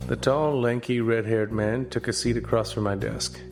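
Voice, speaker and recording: An actor playing a wisecracking hard-boiled private eye, narrating a comedic noir radio play in a dry, self-amused way. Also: male voice, medium pitch, steady tone, normal speed, close to an everyday voice. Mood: wry. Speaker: narrator and lead detective. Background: guitar music.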